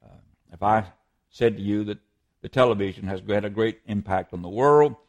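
A man's voice: on the low side, normal speed. A man preaching a sermon as a pastor, earnest and emphatic, sometimes restarting a word.

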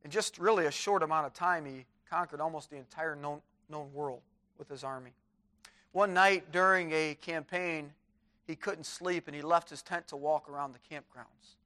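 A man's voice: fairly high pitch, normal speed, pushed and bright. A man preaching a sermon in a chapel, reading scripture aloud with fervor.

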